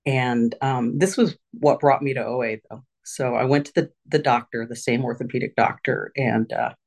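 A woman's voice: very deep voice, vocal fry, a little mellow. Candid middle-aged woman sharing her recovery. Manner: candid, halting, many fillers and restarts. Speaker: recovery meeting speaker. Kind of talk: personal recovery share at a support meeting. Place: her home office.

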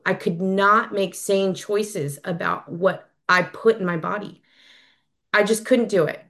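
A woman in her thirties giving a personal share at a recovery meeting, candid and halting, with many fillers and restarts. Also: lowish voice, a bit bright. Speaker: member sharing at a recovery meeting.

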